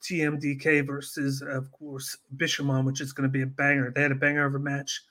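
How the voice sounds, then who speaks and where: A man on a casual podcast, retelling events in an animated way and acting out what others said. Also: mid-range voice, fairly quick, crowd noise. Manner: animated storytelling, acts out quotes. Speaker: podcast co-host. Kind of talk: casual wrestling podcast chat.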